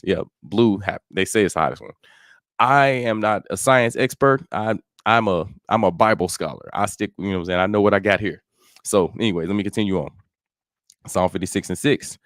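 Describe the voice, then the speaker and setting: A man's voice: low voice, dry recording, studio quality. A man teaching verse by verse through a psalm in a conversational way, often asking "you know what I'm saying". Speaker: Bible teacher. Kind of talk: casual verse-by-verse Bible teaching. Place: church, dry sound.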